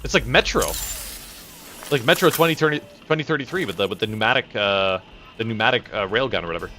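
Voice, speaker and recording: A man's voice: medium pitch, lively intonation, fast talker, bright, forceful tone, faint music behind. A man streaming a game live, rambling and swearing as he reacts and chats with viewers. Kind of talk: casual live gameplay commentary.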